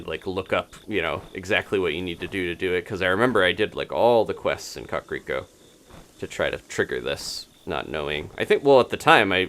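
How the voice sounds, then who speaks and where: A man's voice: low-pitched, fairly bright tone, a little hiss or hum. A man streaming gameplay live, chatting casually to viewers and laughing often as he plays. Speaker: game streamer.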